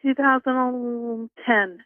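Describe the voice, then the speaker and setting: A woman's voice: fairly high pitch, steady tone, drawn-out words, no echo. A woman in her thirties calling in to a radio show by phone, hesitant with short answers. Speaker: caller. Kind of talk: phone call-in conversation. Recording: tinny phone line, dry.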